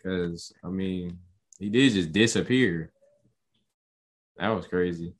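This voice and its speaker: A young man co-hosting a casual podcast, excitable and slangy as he reacts to a show. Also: sits low, slow. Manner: excitable, slangy, rises sharply when enthused. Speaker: podcast co-host. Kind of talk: casual podcast recap chat.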